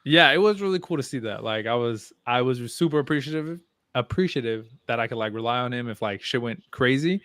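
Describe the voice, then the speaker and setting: A man's voice: medium pitch, expressive, brisk, fairly bright tone, smooth, no room sound. A young man co-hosting a podcast, telling a story in a casual, laid-back way, swearing freely and laughing along. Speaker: podcast co-host.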